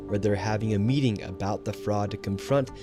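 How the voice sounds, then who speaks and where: A man's voice: fairly low pitch, a little fast, music in the background. A man reporting as an independent journalist, narrating his confrontational investigation in a persistent, pressing way.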